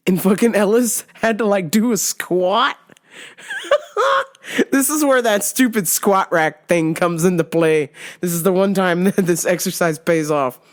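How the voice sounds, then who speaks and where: A woman hosting a podcast, telling a story casually, swearing freely and laughing often as she talks. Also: on the low side. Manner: profane, laughing through her story. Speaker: podcast host.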